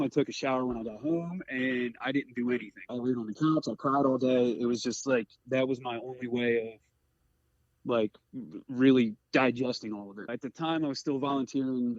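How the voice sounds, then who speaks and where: A man in his forties from the Eastern Shore of Maryland, a career firefighter telling a personal story in an earnest, halting way full of "like" fillers. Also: mid-range voice, no echo. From Eastern Shore of Maryland, USA. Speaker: career firefighter, podcast guest. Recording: dry, slightly muffled audio.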